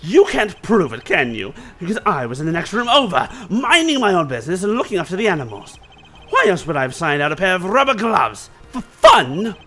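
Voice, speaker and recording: A man putting on a sleazy male witness with an exaggerated Southern drawl, who blusters and snaps back at every question. His voice swings high and wide as he defends himself in this game voice-over. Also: huge pitch swings, a little fast, pushed and bright, faint music behind, exaggerated voice. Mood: defensive blustering. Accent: put-on Southern US.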